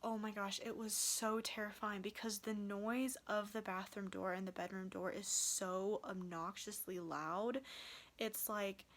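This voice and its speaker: A young woman tells a story straight to her viewers in a loose, rambling way, with plenty of "like" and "um". She sounds tired at the end of a long day. Her pitch sits in an ordinary middle range. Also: flat delivery, a little slow. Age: young adult. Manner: rambling, heavy use of "like" and "um". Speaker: vlogger. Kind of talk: casual storytelling vlog.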